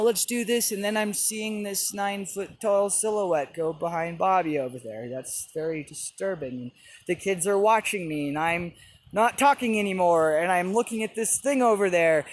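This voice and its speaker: A young man earnestly recounting personal experiences in an animated, casual way. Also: high-pitched. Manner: earnest, animated, with quick bursts. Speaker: storyteller. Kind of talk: personal testimony.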